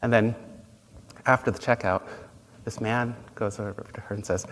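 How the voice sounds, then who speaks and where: A man giving a dharma talk as a Buddhist teacher, gentle and unhurried, telling stories with pauses. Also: lowish voice, fairly even intonation. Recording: long reverb, faint noise.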